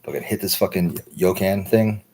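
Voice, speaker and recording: A low, husky-voiced American man talks on a livestream in a loose, meandering monologue. He swears freely and keeps tacking "right?" onto his sentences. His deep, slightly raspy tone stays relaxed and conversational. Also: moderate pace. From United States. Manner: loose, profane, repeats "right?". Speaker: livestream host. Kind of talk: rambling casual monologue.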